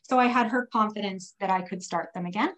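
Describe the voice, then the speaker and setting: A woman guest telling a personal story in casual talk, animated, with frequent restarts and fillers. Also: medium pitch, fairly quick, rough recording. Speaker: guest sharing a personal testimony.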